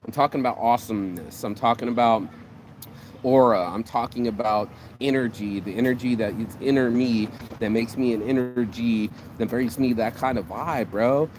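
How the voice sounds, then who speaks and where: A man hosting his own vlog, giving a casual motivational rant in an animated, profane, rambling way, speaking outdoors on a city street. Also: mid-range voice, normal speed. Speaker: vlog host. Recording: outdoor street with passing traffic.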